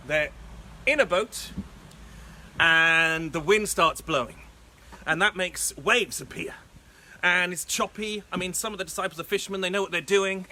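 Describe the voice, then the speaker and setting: A man preaching as a pastor, telling a Bible story in a playful, animated way with frequent laughs. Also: sits high. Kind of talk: lively Bible storytelling sermon.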